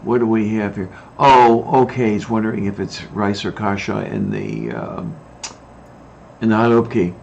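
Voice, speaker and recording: A man co-hosting a casual chat, dry and hesitant, clearing his throat at times. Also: lowish voice, expressive, normal speed, a little mellow. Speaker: podcast co-host. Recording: dull lo-fi mic with faint noise.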